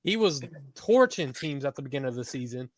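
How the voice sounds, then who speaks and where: A man's voice: mid-range voice, expressive, brisk, dry recording. A man co-hosting a casual sports talk show, rambling through his basketball takes in a laid-back way. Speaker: podcast co-host.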